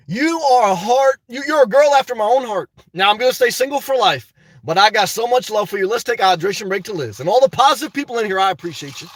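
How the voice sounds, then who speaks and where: A man's voice: very high-pitched, a bit bright, no echo, far from the mic. A man hosting a livestream, reading the live chat in a chatty way and often tagging on "okay". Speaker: livestream host. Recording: dry sound, voice away from mic.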